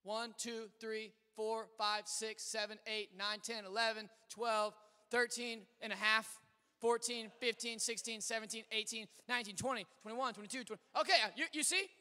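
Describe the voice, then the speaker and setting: A man preaching a sermon as pastor, telling stories with animated swings between loud exclamations and quiet asides. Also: high voice, moderate pace. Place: church sanctuary. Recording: long hall reverb.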